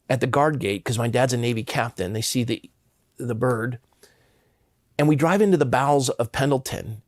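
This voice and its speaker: A man's voice: medium pitch, a little mellow, dry recording, clean studio sound. Earnest pastor man in his fifties. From Southern California. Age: 50s. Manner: earnest, impassioned. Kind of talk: personal storytelling in an interview.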